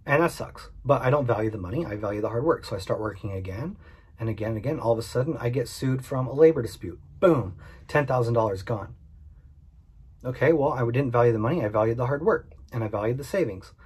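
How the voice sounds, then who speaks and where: A man's voice: medium pitch, lively intonation, quick pace, darkish tone, slightly rough. A man and small business owner speaking earnestly and candidly in a vlog monologue, repeating his points for emphasis. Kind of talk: direct-to-camera vlog monologue.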